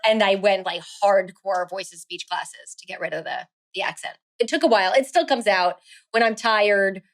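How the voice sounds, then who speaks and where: A woman from New Jersey, a podcast guest, telling stories in a chatty, animated way. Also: mid-range voice, moderate pace. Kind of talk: casual chat.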